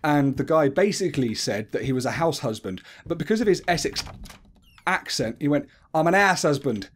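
Young man, higher-pitched voice, nervy self-talk while playing a horror game, some faint noise behind. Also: lively intonation, brisk. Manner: jumpy, swears, talks to himself while playing. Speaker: gaming video creator.

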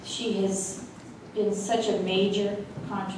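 A woman giving a halting tribute speech at a school board meeting, with many fillers. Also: medium pitch, little pitch movement. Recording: echoey hall, mic from far off, noisy.

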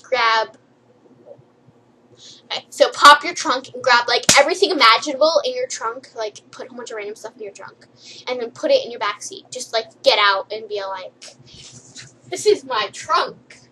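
A woman's voice: on the high side, moderate pace, bright, forceful tone, a little hiss or hum, rough recording. A young woman vlogger rambling playfully and giggling through a silly list. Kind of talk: silly comedic list vlog.

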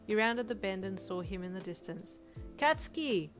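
A woman reading second-person fanfic narration in a soft, even storytelling manner. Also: mid-range voice, fairly quick. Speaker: audiobook narrator. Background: music.

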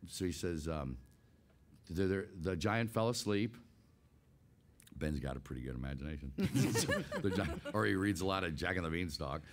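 Older man, lowish voice, animated storyteller who laughs a lot, guest on an interview show. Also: normal speed. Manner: animated, laughs often, re-enacts scenes. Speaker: guest voice actor. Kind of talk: casual anecdotal storytelling.

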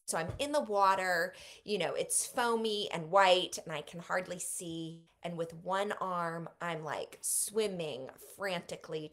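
Interview guest, woman in her thirties, slightly low voice, vivid emotional storytelling, softens and slows at tender moments. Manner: vivid retelling, speaks softly and slows at moving moments. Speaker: author guest.

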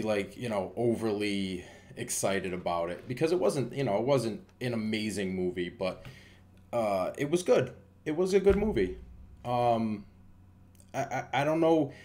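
A man's voice: on the low side, darkish tone. A man giving a casual, rambling movie review, with lots of fillers and restarts.

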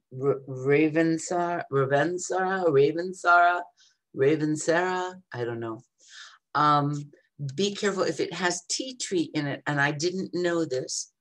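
A woman in her seventies chatting casually through an unboxing at home, wandering off on small asides and reading product labels aloud. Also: low-pitched. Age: 70s. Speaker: vlogger.

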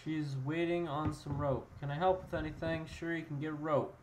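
A young man commentating a game with friends, joking, swearing and breaking into loud outbursts. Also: fairly high pitch, level tone, normal speed, a little hiss or hum. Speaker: let's play commentator. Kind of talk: casual gaming banter.

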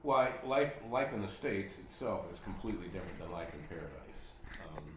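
A man selling his home, chatting casually and relaxed on camera. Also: sits low, fairly quick. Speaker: home seller. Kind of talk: casual chat. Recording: echoey room with noise.

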